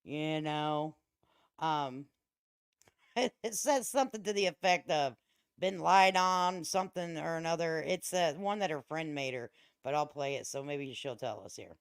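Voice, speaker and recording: A woman giving casual live-stream commentary on a clip, sassy and mocking, dropping from muttered asides to loud scolding. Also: low-pitched, normal speed, clean tone, no echo, studio quality.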